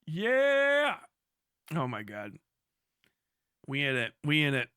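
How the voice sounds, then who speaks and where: A young man rants to his live chat, swearing freely and breaking into laughter as he leaps between topics. His voice sits a little high and rings bright and forceful. The sound is dry and close, with no room echo. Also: slow pace, clean tone. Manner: profane, excitable, laughs often, jumps from topic to topic. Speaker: livestreamer. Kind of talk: casual rant to a live chat.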